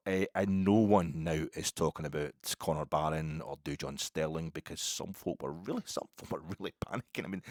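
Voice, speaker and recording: A man's voice: low voice, no room sound, clean studio sound. An older Scottish man hosting a football podcast, in a rambling, wry post-match monologue. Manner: rambling, wry, restarts a lot.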